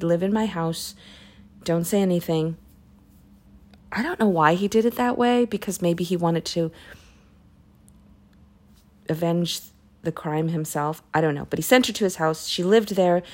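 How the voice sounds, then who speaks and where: A woman casually retelling a Bible story, chatty and animated, with asides. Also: on the low side. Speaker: podcast host reading the Bible. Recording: voice message recording.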